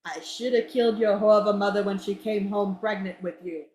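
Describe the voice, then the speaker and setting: A woman's voice: medium pitch, steady tone, brisk, darkish tone, roomy sound, close to an everyday voice, low-quality recording. A woman voicing a vicious old male dwarf, a hateful adoptive father who speaks with bitter scorn, in a tabletop game. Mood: scornful.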